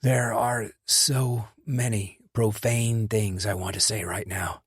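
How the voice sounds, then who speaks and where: A man reading an audiobook, voicing a wry, sarcastic former soldier in a low, slow voice. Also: sing-song, no echo, heavily acted. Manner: dry, sarcastic. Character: wry tough male ex-soldier.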